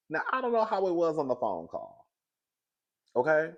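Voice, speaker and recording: A man hosting a casual pop-culture commentary show, animated and dramatic, calling everyone "girl" and laughing often. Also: medium pitch, normal speed, pauses often.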